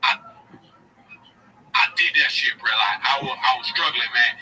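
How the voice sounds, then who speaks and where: A man's voice: medium pitch, normal speed, recorded from a distance, music in the background, voice pushed down, natural voice, rough recording. A man parodying a swaggering young male podcaster who brags in slangy bro talk. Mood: bragging. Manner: brash slangy bragging, calls listener bro.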